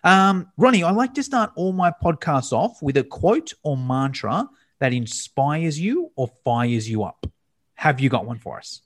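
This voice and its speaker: A chatty male podcast host with a fairly high voice, talking in a relaxed, easygoing way. He introduces guests and banters loosely, with a quick laugh now and then. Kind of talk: casual podcast interview.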